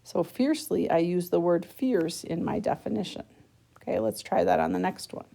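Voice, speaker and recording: Woman, teacher, patient step-by-step worksheet lesson, gravelly, mellow. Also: on the low side, normal speed. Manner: patient, checks in with frequent "okay?"; talks students through each step of the task. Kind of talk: worksheet lesson recorded for students.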